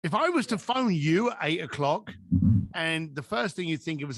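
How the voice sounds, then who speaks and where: Animated man telling stories, high and lively. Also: moderate pace, dry recording, clean studio sound. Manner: acts out quoted dialogue with lively voices. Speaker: podcast guest. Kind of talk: animated storytelling advice.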